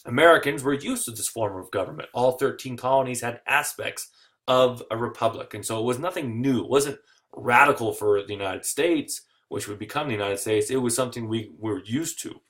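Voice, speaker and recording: A man giving a recorded history lecture, lively and digressive, with jokey asides. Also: mid-range voice, a little fast.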